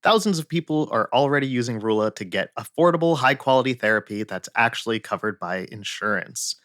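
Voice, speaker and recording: A man's voice: mid-range voice, lively intonation, a little fast, fairly bright tone, no echo, clean studio sound. A man co-hosting a casual podcast, joking wryly, laughing along and reading ads. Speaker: podcast co-host. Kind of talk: casual chat and ad reads.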